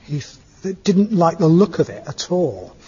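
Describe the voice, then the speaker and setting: A man's voice: fairly high pitch, sing-song, measured pace, warm tone, slightly rough. A man giving a conversational Buddhist teaching talk to a group, often checking in with questions like "isn't it?". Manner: conversational, seeking agreement with tag questions. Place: meeting hall with a live audience. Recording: dull lo-fi recording in an echoey hall.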